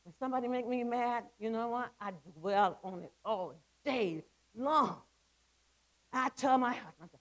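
A woman's voice: on the high side, measured pace, rough recording. A middle-aged woman giving a testimony sermon to women, impassioned and repetitive, with stammered restarts. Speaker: women's ministry speaker.

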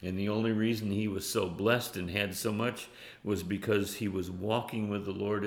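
Man, preacher, very low voice, earnest, halting delivery, echoey room. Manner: earnest, halting, with repeated restarts; reads scripture in old-fashioned phrasing. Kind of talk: sermon.

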